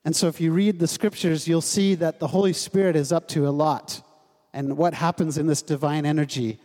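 A man's voice: a little high, steady tone, moderate pace, darkish tone. A man preaching a sermon to a congregation, in a conversational, lightly humorous way, asking his listeners questions. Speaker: pastor. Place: church sanctuary. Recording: long hall reverb.

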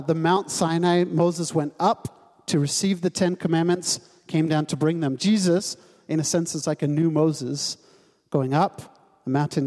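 A man's voice: a little high, darkish tone. A man preaching a sermon to a congregation, in a conversational, lightly humorous way, asking his listeners questions. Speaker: pastor. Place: church sanctuary. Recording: long hall reverb.

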